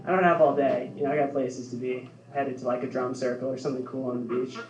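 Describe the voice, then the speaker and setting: A young man doing a stand-up set in a deadpan way, laughing at his own jokes. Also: mid-range voice, fast talker, highs cut off. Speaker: stand-up comedian. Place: bar social club stage, heard from afar. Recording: echoey club from far off.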